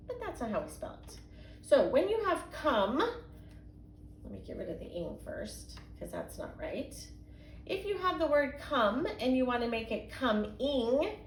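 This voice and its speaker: A young woman teacher gives a phonics lesson from home to young children, patiently sounding out words slowly in a sing-song way. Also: medium pitch, a little mellow. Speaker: kindergarten and first grade teacher. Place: home, indoors. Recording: echoey room with faint background hum.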